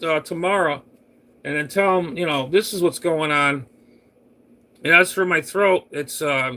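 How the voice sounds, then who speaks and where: A man chatting over CB radio. His voice sits a little high and sounds bright and forceful. He rambles along in a fed-up, grumbling way, often trailing into fillers. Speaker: CB radio operator. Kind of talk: casual radio chat.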